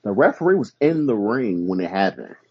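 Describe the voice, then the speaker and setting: A man co-hosting a podcast in casual chat, blunt and animated. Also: fairly low pitch, fairly quick, husky. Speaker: podcast co-host. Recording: dull lo-fi audio.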